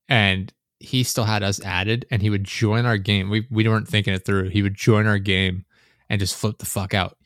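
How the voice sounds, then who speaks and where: A man's voice: on the low side, a bit bright, dry recording, studio quality. A young man hosting a casual gaming podcast, rambling and swearing often, with frequent laughter. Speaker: podcast host.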